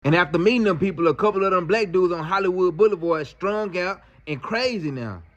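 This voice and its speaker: Man, high voice, slangy, animated storytelling. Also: fairly quick, highs cut off. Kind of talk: casual storytelling.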